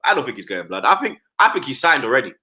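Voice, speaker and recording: In casual live-stream chat, a male football fan pundit talks fast in a mid-range voice, his pitch jumping up and down in lively swings. His bright, punchy tone is animated and slangy, and he keeps repeating tags like "blood" and "you get me".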